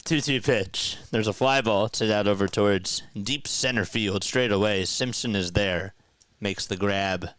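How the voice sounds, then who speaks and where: A young man calls a baseball game live for viewers, easygoing and chatty, laughing between pitches. His voice is a little low and very clear, with an unhurried, slow delivery. He is recorded close to the mic in a dry, dead room. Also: fairly bright tone, dry recording. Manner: casual, laughs often, chats with viewers. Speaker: play-by-play streamer. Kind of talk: live baseball commentary and chat.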